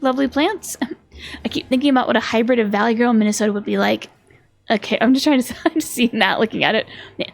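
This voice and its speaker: A chatty woman streamer commenting on a game, playful and quick to giggle. Her voice is high and laced with a gravelly creak. Soft background music plays faintly behind her. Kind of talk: casual live game commentary.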